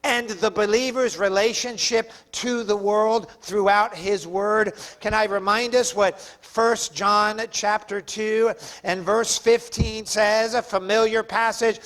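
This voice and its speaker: Male pastor, very high-pitched, emphatic preaching. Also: level tone, measured pace, fairly bright tone. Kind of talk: sermon.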